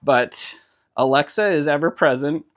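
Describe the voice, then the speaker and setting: A man's voice: a little high, measured pace. Chill guy co-hosting a podcast, rambles thru a story, fillers everywhere. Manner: rambling, laid-back storytelling with filler words. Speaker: podcast co-host. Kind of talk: casual chat.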